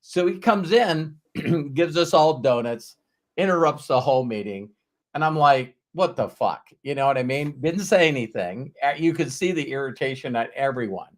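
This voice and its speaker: A middle-aged man hosting a podcast tells a story conversationally, speaking at medium pitch and normal speed. He's an animated storyteller who acts out the voices of the people in it and swears casually.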